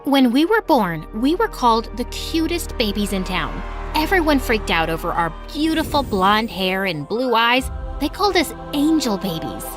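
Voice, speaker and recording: A woman narrating an animated drama story in the first person, bright and animated. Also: a little high, normal speed, music in the background.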